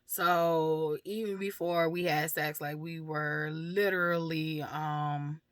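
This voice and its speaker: A woman's voice: low voice, fairly even intonation, slow pace, dry recording, studio quality. A woman vlogger and mother talking frankly about her life and parenting, laughing often and swearing freely, with many fillers. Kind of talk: candid personal talk to camera.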